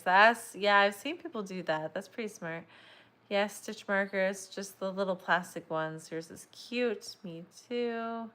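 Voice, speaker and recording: A woman's voice: medium pitch, unhurried, pushed and bright. A woman chatting casually on a livestream while she crochets, rambling and apologizing as she keeps yawning. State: yawning, sleepy.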